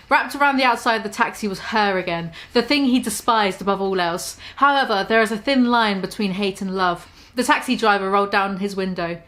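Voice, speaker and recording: A woman's voice: medium pitch, a bit bright. Woman reading her own funny story, casual, keeps tripping on words and making fun of herself. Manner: stumbling, self-deprecating, laughs at her own writing.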